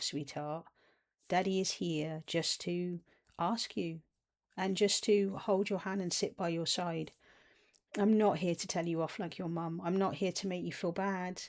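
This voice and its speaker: A woman's voice: fairly low pitch, a little mellow, natural voice. Woman speaking as a tender parent figure. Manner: tender, soothing, slow reassurance. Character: gentle loving parent voice, calling itself Daddy.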